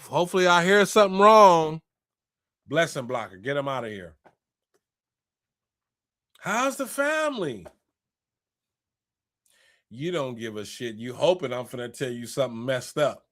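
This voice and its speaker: A man's voice: medium pitch, fairly bright tone. A man giving a fiery spiritual pep talk, blunt and profane, hammering his points home by repeating phrases. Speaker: spiritual motivational speaker.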